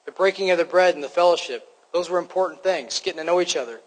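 A man with a high voice delivers a sermon in an easy, conversational way, often stumbling and restarting, and poking fun at himself. His words ring out with a long reverb, as in a large church hall. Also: quick pace. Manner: conversational, self-deprecating, frequent restarts. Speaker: preacher.

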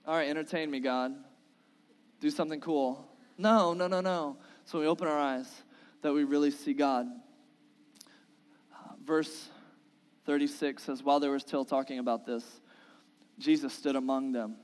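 A man's voice: fairly high pitch, steady tone, normal speed, pauses often, smooth. A male pastor preaching a sermon, reading scripture aloud and pleading earnestly, his voice rising into impassioned appeals. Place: church sanctuary. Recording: long reverb of a large church hall.

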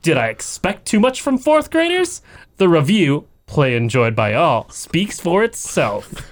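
A man's voice: a little high, very animated, unhurried. Man doing a pompous theater director. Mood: grandiose. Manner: grandiose, theatrical.

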